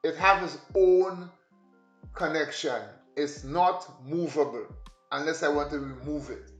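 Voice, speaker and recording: A male vlogger gives a rambling, chatty home tour of a room and the kitchen, speaking directly to viewers. His voice is on the high side at a measured pace, and the lo-fi recording is echoey with faint background music.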